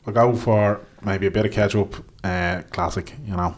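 A man chatting casually, rambling quickly and swearing in passing. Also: on the low side, fairly even intonation. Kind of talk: casual chat.

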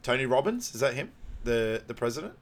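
A man co-hosting a podcast, recapping a film in casual chat, laughing often and bursting into loud, excited quotes of lines. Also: mid-range voice, fairly quick. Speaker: podcast co-host.

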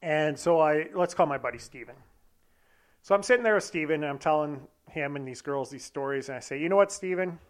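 A man's voice: a little high, brisk. A young man casually telling a candid, profane, self-deprecating story about himself. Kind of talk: casual anecdote monologue.

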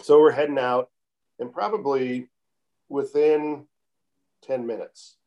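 Man, calm storyteller in casual interview, unhurried, mid-pitched, keeps adding "I said.". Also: highs cut off. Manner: calm, unhurried, repeats "I said" often. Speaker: interview guest telling a story.

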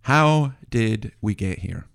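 A man's voice: on the low side, expressive, takes it slowly, gravelly, clear, resonant tone. A man in his sixties hosting a podcast, giving an indignant, wry commentary full of asides. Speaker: podcast host. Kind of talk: opinionated commentary monologue.

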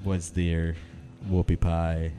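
A chatty man on a casual podcast, wandering through his stories with a few restarts. His voice sits low and mellow, easy to listen to. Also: completely flat delivery, takes it slowly. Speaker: brewery podcast co-host.

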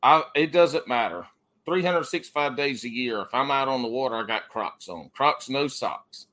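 A man's voice: mid-range voice, animated, normal speed, pushed and bright. A man, hosting a casual chat and telling rambling, profane stories full of restarts. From Southern US.

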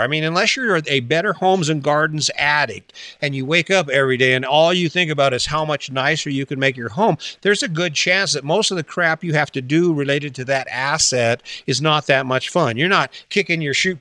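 Blunt, brightly voiced male motivational speaker. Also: on the high side, expressive, a little fast, few pauses, no echo. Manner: blunt, rhetorical questions, mild swearing; mocking quoted voices. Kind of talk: casual motivational talk.

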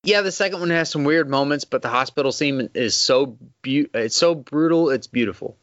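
A man's voice: medium pitch, normal speed, fairly bright tone, no echo. A man with a Texas accent hosting a podcast, chatting casually, laughing often and swearing freely. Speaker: podcast host. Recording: dull lo-fi sound.

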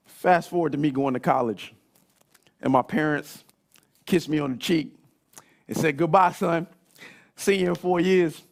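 A man in his thirties preaching a sermon, telling stories in an animated way that climbs into shouts. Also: fairly high pitch, moderate pace, creaky, long pauses. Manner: animated storytelling, rising to shouts. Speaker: pastor.

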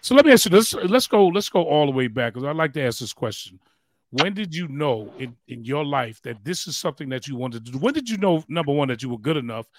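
A man's voice: a little high, very animated, dry recording. A man hosting an interview, encouraging his guest and asking questions. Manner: encouraging, quick to affirm. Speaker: host. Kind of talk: casual interview.

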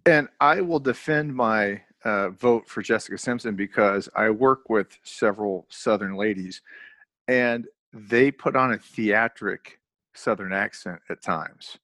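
A man with a fairly low voice argues his picks in a casual movie chat and backs them up with asides. His sound is dry and close, with no room echo. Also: measured pace, a bit bright. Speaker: podcast co-host.

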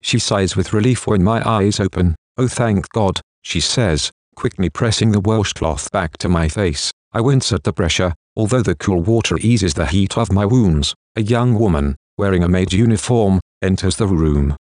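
A man narrates a first-person novel for an audiobook in a deep, low voice. His reading is measured and even, and the sound is dry and close, with no room echo.

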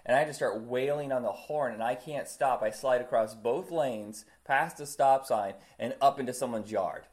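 A man's voice: medium pitch, normal speed, few pauses, a little mellow. A man from Indiana in his thirties, telling stories in casual chat, swearing freely and acting out voices. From Indiana, USA.

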